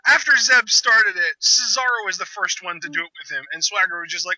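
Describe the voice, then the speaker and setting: Sarcastic high-voiced man, muffled audio. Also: bright, forceful tone. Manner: sarcastic, fast-talking banter. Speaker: channel host. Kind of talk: casual live reaction chat. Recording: dull lo-fi audio.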